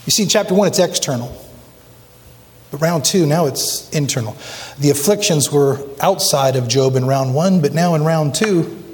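A man's voice: fairly high pitch, normal speed, slight background noise. Emphatic preacher man, echoing hall. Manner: emphatic preaching with rhetorical questions. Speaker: pastor. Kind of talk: sermon. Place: church sanctuary. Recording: long church reverb.

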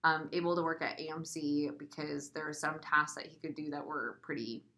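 Bright-voiced young woman telling a story. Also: low-pitched, steady tone, a little fast. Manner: chatty, filler-heavy, laughing through her story. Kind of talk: casual storytelling chat.

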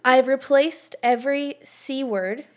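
A young woman co-hosting a podcast, telling a story in a casual, animated way, swearing and laughing often. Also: high voice, takes it slowly. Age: young adult. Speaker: podcast co-host.

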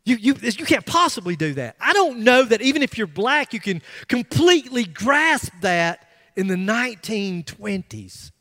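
Man, middle-aged, pastor, sermon, high-pitched, emphatic storytelling, long church-hall reverb. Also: moderate pace, hardly any pauses. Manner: storytelling, animated and emphatic, with repeated restarts. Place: church sanctuary.

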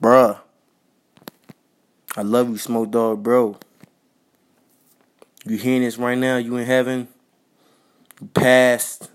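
A man's voice: mid-range voice, little pitch movement, takes it slowly, pauses often, smooth. A man hosting a podcast, giving a casual spoken tribute in a slangy, repetitive way and talking straight to his listeners. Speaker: podcast host.

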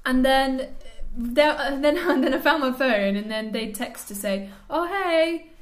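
Woman podcast cohost rambling thru a story, bit high pitched, echoey room. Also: measured pace. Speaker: podcast co-host. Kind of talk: casual chat.

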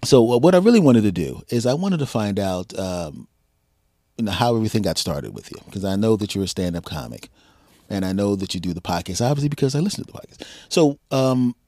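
A man hosting a podcast interview, talking in a laid-back way with frequent chuckles and pauses. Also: on the low side, very animated, mellow, no room sound. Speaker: podcast host. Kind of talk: casual interview chat.

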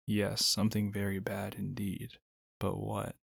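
A curious, cheerful young fawn from a storybook, full of questions, as a man reads him. The voice is low, gravelly and husky, with a close, dry sound. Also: monotone, a little slow, no echo, exaggerated voice. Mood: pleading. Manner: inquisitive.

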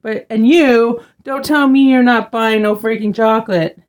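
A woman's voice: on the high side, steady tone, moderate pace. A woman hosting a podcast, chatting and teasing her husband, often laughing. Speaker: podcast host. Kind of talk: casual podcast chat.

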